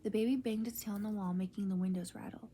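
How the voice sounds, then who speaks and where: A woman reading a storybook aloud in a soft, unvoiced ASMR whisper. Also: medium pitch, fairly even intonation, fast talker, a little hiss or hum.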